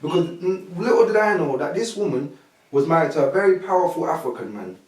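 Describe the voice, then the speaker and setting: A man recounts his experiences at a rapid clip, his voice sitting somewhat high. He acts out what others said as he goes. The sound is roomy and comes from some way off the mic. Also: recorded from a distance. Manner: lively anecdotes, acting out what others said. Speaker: podcast guest. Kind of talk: casual storytelling.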